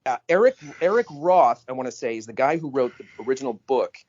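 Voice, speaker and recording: A man co-hosting a podcast in casual chat, talking animatedly and jumping up in pitch when he quotes people. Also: lively intonation, quick pace, darkish tone, highs cut off, slight background noise. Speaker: podcast co-host. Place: on a phone call.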